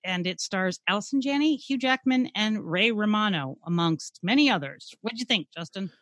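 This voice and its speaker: A woman's voice: medium pitch, lively intonation, fairly bright tone, no echo. A woman co-hosting a film review podcast, running through releases in casual chat with frank remarks. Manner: brisk, listing releases, frank. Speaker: podcast co-host.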